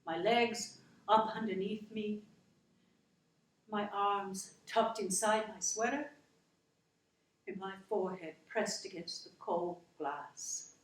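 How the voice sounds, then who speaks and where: A woman's voice: mid-range voice, steady tone, reverberant, lightly acted, low-quality recording. An actress playing a down-to-earth working wife who finally stands up for herself, telling her story in an earnest, emotional monologue. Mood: sorrowful. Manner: slow, emotional, earnest retelling.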